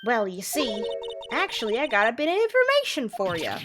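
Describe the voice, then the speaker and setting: A woman's voice: fairly high pitch, huge pitch swings, fairly quick, loud music behind the voice. A woman voicing a brash young southern woman photographer with a put-on Southern accent, drawling and folksy while reading game dialogue. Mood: wheedling. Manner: drawling, folksy, wheeling-dealing. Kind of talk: reading a game's dialogue aloud.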